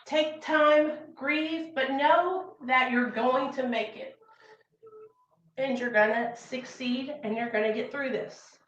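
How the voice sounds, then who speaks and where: A young woman with a high voice gives an earnest, encouraging pep talk on a casual livestream and keeps repeating her points. The sound is dull and lo-fi, with a roomy echo around her. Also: slow pace. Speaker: recovery livestream host. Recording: echoey room, dull lo-fi sound.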